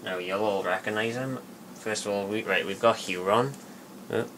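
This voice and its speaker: A man giving a casual spoken tutorial, rambling and halting with many fillers and restarts. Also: lowish voice, background noise. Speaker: video tutorial maker.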